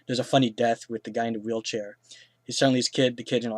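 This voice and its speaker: A man's voice: medium pitch, flat delivery, fast talker, no echo. Guy rambling thru a movie review, lots of ums, crude and blunt, dry close sound. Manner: rambling, many fillers and restarts, frank and crude. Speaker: film reviewer. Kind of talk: casual spoken film review.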